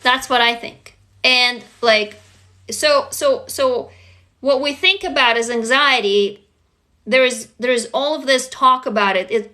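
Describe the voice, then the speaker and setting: A Russian woman with a fairly high, sharp-toned voice hosts a casual livestream at an unhurried pace. She speaks frankly and answers viewers' comments as they come in.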